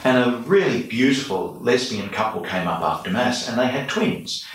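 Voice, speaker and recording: A man's voice: mid-range voice, expressive, normal speed, fairly bright tone. An Australian man, a priest, earnestly telling stories and reflecting during an interview. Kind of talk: storytelling in an interview. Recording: echoey room, mic far off.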